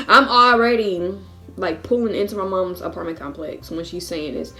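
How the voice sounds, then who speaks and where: A young woman in her twenties chats through a storytime vlog, lively and full of laughs as she acts out the voices of family and friends. Her voice sits at an ordinary middle pitch, and faint music plays underneath. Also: normal speed. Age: 20s. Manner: animated, acts out quotes with laughs. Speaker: vlogger. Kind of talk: casual storytime.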